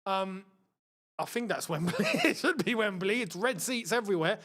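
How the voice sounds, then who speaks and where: A young man with a London accent hosting a live football watchalong, chatting excitably and muttering to himself as he fiddles with the screen. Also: high voice, moderate pace. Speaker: football channel host.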